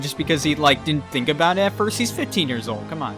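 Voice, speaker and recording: A man's voice: on the high side, expressive, fairly quick, over music. A man giving casual gameplay commentary, ranting with exasperated profanity and jokes. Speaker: let's play commentator.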